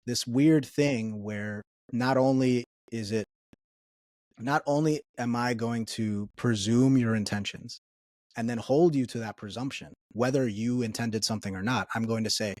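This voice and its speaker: A man's voice: mid-range voice, normal speed, no room sound, studio quality. A man speaking as an interview guest, talking earnestly and often checking in with "right?" as he explains his views. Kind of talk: conversational interview.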